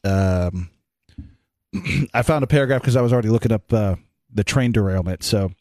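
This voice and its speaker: A man chatting casually on a podcast in an animated way. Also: fairly low pitch, a little fast, no echo, clean studio sound.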